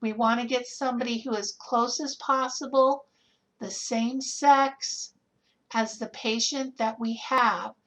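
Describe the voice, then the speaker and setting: Slow-paced woman giving a nursing lecture. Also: fairly high pitch, steady tone, a bit bright, rough recording. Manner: conversational, rhetorical questions, frequent "okay?". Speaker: nursing instructor. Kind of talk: recorded lecture.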